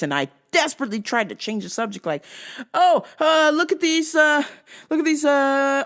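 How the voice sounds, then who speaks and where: A woman hosting a vlog, telling stories in an animated, profane and exasperated way. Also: on the high side. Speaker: host.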